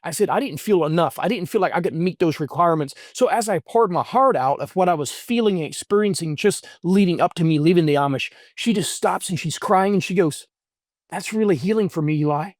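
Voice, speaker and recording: A middle-aged man tells his own story to an interviewer, sincere and moved, his phrases halting and circling back. His voice sits a little high for a man. The recording is dry and close. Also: no echo. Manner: earnest, heartfelt, halting with repeated restarts. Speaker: guest. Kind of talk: emotional personal storytelling.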